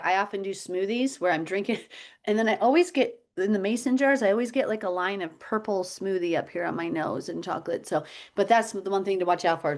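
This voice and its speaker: A woman hosting a faith-based healthy-habits group on a video call, talking casually, teasing and slipping into high quoted voices.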